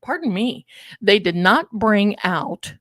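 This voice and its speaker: In an expressive mid-range voice with a fairly bright tone, this older woman takes her time as she hosts a live tarot and commentary stream. She chats loosely and wanders into personal stories, and no echo is heard.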